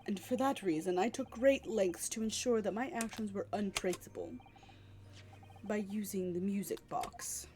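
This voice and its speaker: A woman's voice: mid-range voice, moderate pace, warm tone, a little hiss or hum, lightly acted. A woman reading as a bitter ambitious man confessing. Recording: faint music behind.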